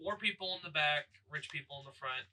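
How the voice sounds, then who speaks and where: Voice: medium pitch, fast, pushed and bright, low-quality recording. A podcast co-host chatting casually, cutting in with matter-of-fact corrections. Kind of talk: casual chat. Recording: voice picked up from farther off the mic.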